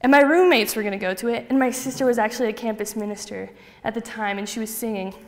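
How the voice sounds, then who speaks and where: A young woman giving a personal faith testimony to a group, telling her story with lively acted-out dialogue. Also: on the high side, quick pace. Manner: animated storytelling, acting out quoted dialogue. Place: hall with a group. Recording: long reverb of a hall.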